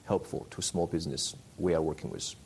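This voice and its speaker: A man's voice: sits low, a little fast, creaky, a little mellow, a little hiss or hum. A man being interviewed as a company executive, giving short, confident answers. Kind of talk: broadcast interview.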